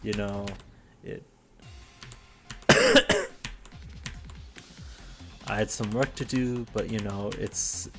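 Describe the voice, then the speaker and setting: A man's voice: lowish voice, wildly swooping pitch, extremely slow, pauses often, sharp tone, soft background music. A young man hosting his own show in a casual solo monologue, rambling and self-deprecating with many restarts, a little out of breath. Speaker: host.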